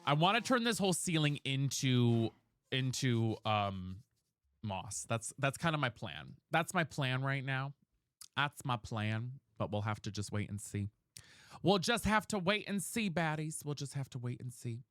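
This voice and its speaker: A man's voice: medium pitch, very animated, unhurried, fairly bright tone, no echo, studio quality. A man chatting casually on a live game stream, dramatic and chatty, thanking viewers by name. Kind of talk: casual live-stream chat while gaming.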